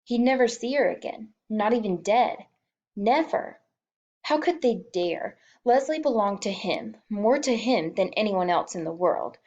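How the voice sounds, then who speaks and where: A woman reads a children's novel aloud in a mid-pitched voice, with feeling and small shifts for each character. The recording sounds a little dull and lo-fi, like a simple home setup. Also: lively intonation, a little slow, a little mellow. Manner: emotive, voices the characters lightly. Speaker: audiobook reader.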